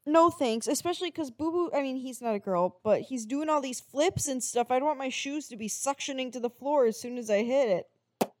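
Young woman co-host, bubbly teasing chatter, bright high register. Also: dry recording. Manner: gushing, playful, quick to tease. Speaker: podcast co-host. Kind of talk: casual chat.

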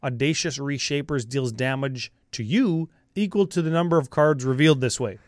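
A man co-hosting a casual card-game chat, reading rules text quickly with upbeat asides. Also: mid-range voice, darkish tone, no echo, clean studio sound.

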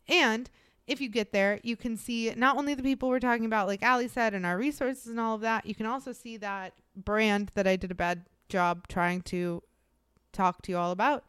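A young woman co-hosts a podcast in a blunt, animated chat and swears freely. Her voice is smooth and resonant, recorded close and dry. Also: mid-range voice, dry recording. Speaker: podcast co-host. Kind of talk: casual chat.

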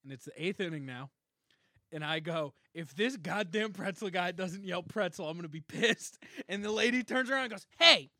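A man's voice: high voice, normal speed, bright, forceful tone, no echo, clean studio sound. A young man from New co-hosting a podcast, telling a rambling story, swearing freely and laughing through it. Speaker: podcast co-host. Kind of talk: casual storytelling chat.

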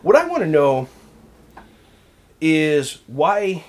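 Middle-aged dude on a podcast, earnest, lots of likes and uhs, just talking it out. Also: male voice, fairly high pitch, wildly swooping pitch, drawn-out words. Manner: earnest, conversational, frequent fillers. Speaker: podcast co-host. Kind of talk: casual chat.

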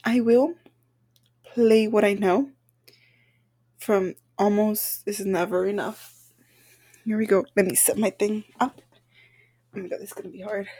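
A woman's voice: medium pitch, steady tone, unhurried, pauses often, mellow, slightly rough. A young woman hosting a casual solo podcast, nervous, self-conscious and apologetic, recording at home. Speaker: podcast host. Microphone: home microphone.

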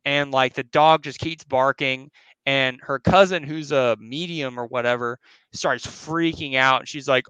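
Bright-voiced young man telling a story. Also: medium pitch, steady tone, moderate pace, clean tone, dry recording, highs cut off. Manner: rambling, slangy, profane, acts out voices. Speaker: podcast host. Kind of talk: casual storytelling.

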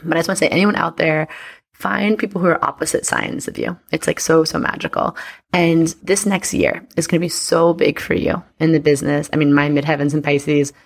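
A woman's voice: low-pitched, fairly even intonation, brisk, gravelly. A woman chatting casually and playfully with many fillers as an astrologer reading her business partner's chart. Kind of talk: casual chat.

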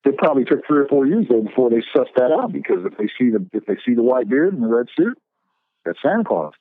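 A middle-aged man who works as a professional Santa Claus, telling stories in a relaxed, chatty way. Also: medium pitch, quick pace, no room sound. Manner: relaxed storyteller, acts out voices in his tales. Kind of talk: casual podcast storytelling. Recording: thin phone-like line.

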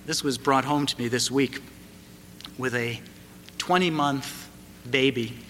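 Slow, bright-voiced preacher in a hall. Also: male voice, medium pitch, slight background noise. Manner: storytelling, slow and deliberate with rising emphasis. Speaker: pastor. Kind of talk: sermon. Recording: reverberant hall, faint ambience.

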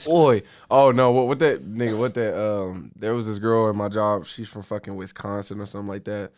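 A man's voice: lowish voice, steady tone, fairly quick, a little mellow. A young man co-hosting a podcast in casual chat, telling stories with frequent laughter and heavy slang. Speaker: podcast co-host.

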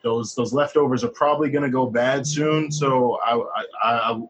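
A man's voice: mid-range voice, steady tone, moderate pace, slight background noise, rough recording. A man co-hosting a casual wrestling chat podcast, often stammering and repeating words. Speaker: podcast co-host.

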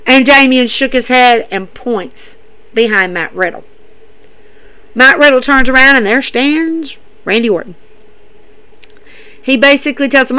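Bright, high-voiced chatty woman. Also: measured pace, pauses often, smooth, low-quality recording. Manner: enthusiastic, chatty retelling. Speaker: wrestling recap host. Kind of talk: casual recap.

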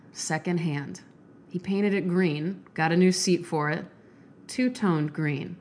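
A woman with a stuffy nose reading aloud as an elderly grandfather, quiet and hushed as he recalls his childhood bike. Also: fairly low pitch, slight background noise.

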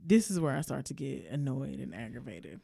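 A woman from Alabama, co-hosting a podcast, tells a story in a casual, animated and profane way, acting out the lines of the other people in it. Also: rumbling low, brisk, creaky, husky, no echo, studio quality. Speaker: podcast co-host. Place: indoor podcast studio.

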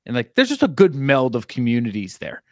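A man's voice: medium pitch, huge pitch swings, brisk, dry recording, clean studio sound. A man co-hosting a casual sports podcast, rambling and joking with lots of fillers. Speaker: podcast co-host. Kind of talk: casual chat.

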